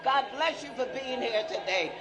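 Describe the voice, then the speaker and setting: A man's voice: very high-pitched, normal speed, noisy background. A man leading an outdoor street march, rousing the crowd in call-and-response chants with a preacherly delivery. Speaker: civil rights leader.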